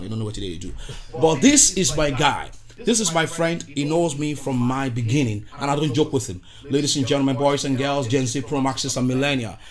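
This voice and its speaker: A Nigerian man hosting a podcast with a showy, exuberant intro, mixing in Pidgin. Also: mid-range voice. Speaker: podcast host. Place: recorded studio in Ottawa.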